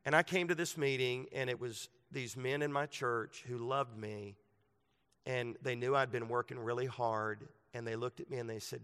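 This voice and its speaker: A man's voice: medium pitch, steady tone, moderate pace, fairly bright tone, clean tone. A man who is a pastor, preaching a sermon in a conversational way that turns emphatic at points. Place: church sanctuary. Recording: long reverb of a large hall.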